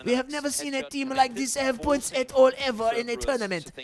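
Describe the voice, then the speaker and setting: A man's voice: very high-pitched, fairly even intonation, very fast, over music, voice pushed up. A man putting on a gushing mock-French announcer. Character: over-the-top male French sports announcer.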